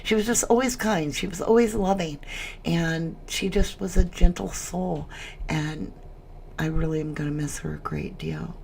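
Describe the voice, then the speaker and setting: A woman with a low, gravelly voice hosts a casual livestream chat. She talks with emotion and reads viewer comments aloud. A faint hiss sits under her voice. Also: moderate pace, darkish tone. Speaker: livestream host.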